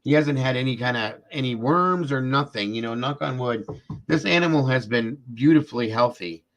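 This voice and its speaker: A male livestream host in a loose, chatty storytelling mode. He wanders through the story with fillers and repetitions like "this and that," and talks straight to the people watching. His voice sits at an ordinary middle pitch. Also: moderate pace, a bit bright. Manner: rambling, repeats himself with fillers like "this and that"; speaks directly to viewers in chat. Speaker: host of a live true-crime show.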